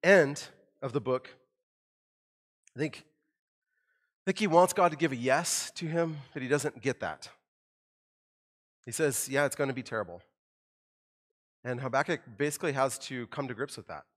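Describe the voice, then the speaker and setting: A middle-aged man preaching a sermon in a church, conversational and animated, acting out the quoted lines with rising emphasis. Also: mid-range voice, moderate pace, long pauses. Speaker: pastor.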